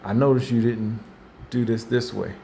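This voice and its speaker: Rambling man with a mellow voice. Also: medium pitch, steady tone, normal speed, vocal fry, a little hiss or hum. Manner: rambling, repeats himself, restarts, acts out quotes. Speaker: host. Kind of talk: casual faith talk.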